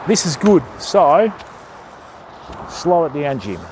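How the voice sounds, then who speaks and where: A man's voice: on the high side, sing-song, slow pace, darkish tone, a little hiss or hum. An Australian man hosting a live fishing stream outdoors, chatting and joking with his viewers while he casts. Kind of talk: casual live-stream chat.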